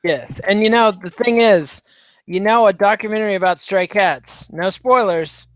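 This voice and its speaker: A man's voice: high voice, normal speed, no echo. A man co-hosting a podcast, teasing his partner wryly while running through the show's rundown. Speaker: podcast co-host. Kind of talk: casual comedic chat.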